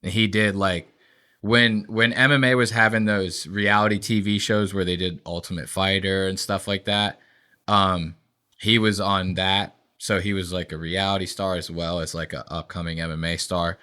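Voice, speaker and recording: Young male podcast co-host, bright voice, casual profane rambler. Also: low voice, normal speed, smooth. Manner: profane, rambling storytelling with animated impressions.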